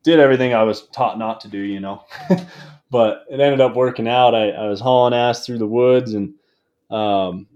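A young man telling a hunting story in casual talk, animated and laughing as he goes. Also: medium pitch, moderate pace, lo-fi sound. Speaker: guest, game call maker.

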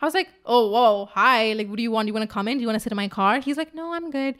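A young woman co-hosting a casual chat, telling a story excitedly, swearing freely and acting out what people said. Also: fairly high pitch, rapid-fire, clean tone. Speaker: co-host.

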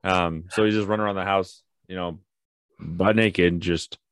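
A young man co-hosting a podcast in casual chat, telling family stories with animation and acting out his toddler in high voices. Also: steady tone, normal speed, smooth, no echo, clean studio sound. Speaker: podcast co-host.

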